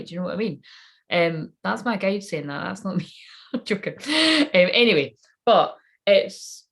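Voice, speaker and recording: A woman with a somewhat low voice rambles through a psychic reading in loose, casual talk. She swears without a second thought and keeps laughing at her own jokes. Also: gravelly. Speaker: psychic reader channeling messages.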